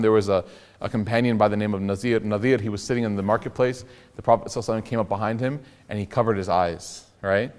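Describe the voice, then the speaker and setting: A young man giving a casual, joking sermon as an Islamic lecturer, telling stories and acting out the quotes. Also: fairly low pitch. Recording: long hall reverb.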